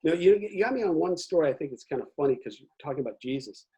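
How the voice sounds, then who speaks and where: An older man in casual conversation, telling animated stories and acting out the voices in them, with a husky voice. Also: on the high side, rapid-fire, dull audio. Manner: animated storyteller, acts out voices in anecdotes.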